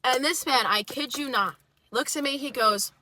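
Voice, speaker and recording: A young woman in her twenties from the United States, a podcast guest telling a story in a casual, animated, profane and heated way. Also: high-pitched, normal speed, a little hiss or hum. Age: 20s.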